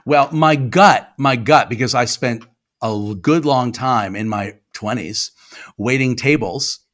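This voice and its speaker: A man's voice: mid-range voice, measured pace, a bit bright. A middle-aged man, an actor guesting on a podcast, chatting casually in long, joking, self-deprecating answers that ramble and restart. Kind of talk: casual chat.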